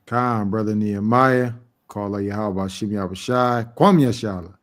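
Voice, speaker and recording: A lower-voiced man talks through scripture calmly. He slows down and reads each verse deliberately. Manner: calm, slow and deliberate when reading verses. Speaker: co-host of a scripture show. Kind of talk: casual religious discussion.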